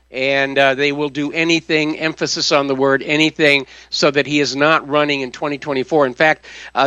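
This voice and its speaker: Hesitant talk radio host, bright voice. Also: male voice, a little high, no room sound. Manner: halting, many uh fillers, firm opinions.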